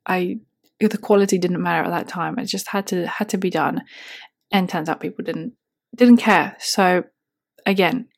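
A woman hosting a reflective solo podcast who speaks with a slight non-native accent, earnest and self-encouraging, at times quoting her own doubts to herself. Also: on the low side. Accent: slight non-native English accent. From outside the UK, moved to the UK young. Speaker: podcast host. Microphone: simple computer microphone.

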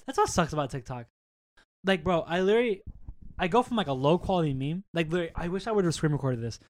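A young man co-hosting a podcast, telling stories in a casual, animated way and swearing often. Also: on the high side, fast. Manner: animated storytelling, swears a lot. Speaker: podcast co-host. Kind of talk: casual chat.

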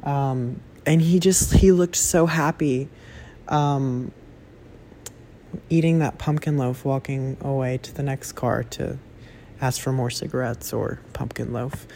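A man's voice: mid-range voice, steady tone, slow pace, creaky, mellow, slight background noise. A young man rambling through a casual solo monologue as a podcast host, chatty and self-correcting, swearing freely. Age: young adult.

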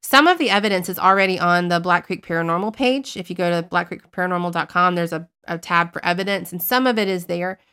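A woman's voice: fairly low pitch, quick pace, few pauses, smooth. Chatty woman podcaster telling stories. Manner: chatty, animated storytelling, self-mocking. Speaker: podcast co-host, paranormal investigator. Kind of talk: casual podcast chat. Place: based in Northeast Florida.

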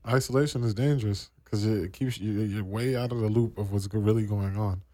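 A man's voice: lowish voice, fairly even intonation, fairly quick, warm tone, no echo. A man from the East Coast of the US hosting a radio show, talking casually and slangily with many fillers.

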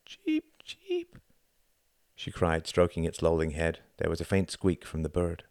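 A man reading an audiobook in a measured, deliberate style. His voice sits very low. The recording is close and dry, with no room sound. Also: little pitch movement, darkish tone, dry recording. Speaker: audiobook narrator. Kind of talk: scripted narration.

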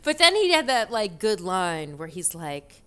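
A woman co-hosting a podcast in casual chat, giggly and animated, laughing often. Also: on the low side, a little slow, smooth. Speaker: podcast co-host.

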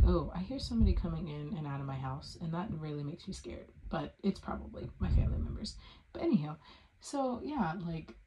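A woman's voice: lowish voice, mellow. A young adult woman hosting a casual solo podcast from home, rambling with lots of fillers and casual swearing. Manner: rambling, full of "like" and "um", swears freely. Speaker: podcast host.

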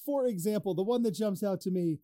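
Podcast guy, super dark warm voice, argues n laughs, swears a lot, dry close mic. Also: high-pitched, a little fast, dry recording. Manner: argumentative, laughing, profane. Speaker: podcast co-host. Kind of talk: casual podcast banter.

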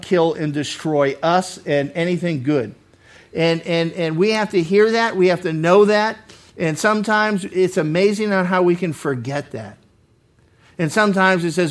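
High-voiced pastor, earnest, halting. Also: male voice. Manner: earnest, often repeats words while restarting; acts out quoted speakers with sudden loud lines. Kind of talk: verse-by-verse Bible study sermon.

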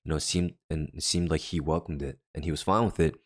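A man's voice: a bass voice, fairly even intonation, fast talker. A man co-hosting a faith podcast, earnestly telling a personal story in a casual way, often restarting his sentences. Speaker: podcast co-host.

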